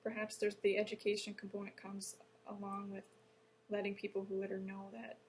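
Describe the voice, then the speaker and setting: A woman's voice: medium pitch, monotone, brisk, a little mellow, slight background noise, poor audio. A woman from Wisconsin, a horticulture educator explaining plainly as an interview guest.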